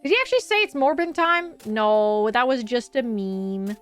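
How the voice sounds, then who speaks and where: Chatty streamer girl with a highish voice, laughs a lot, swears casually, reads the game text slower and quieter, faint music underneath. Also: animated, clean tone, low-quality recording. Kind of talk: casual live-stream chat and reading game text aloud.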